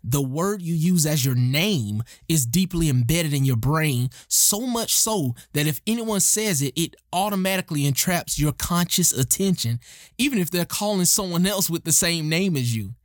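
A man's voice: a little high, expressive, normal speed, no room sound, studio quality. A man hosting a motivational podcast, talking earnestly and emphatically and repeating his key lines for effect. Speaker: podcast host.

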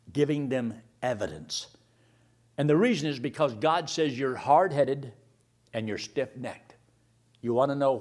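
Animated preacher man, dramatic swings. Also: mid-range voice. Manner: rhetorical questions, dramatic swings from loud to hushed; reads scripture slowly and deliberately. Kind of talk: sermon.

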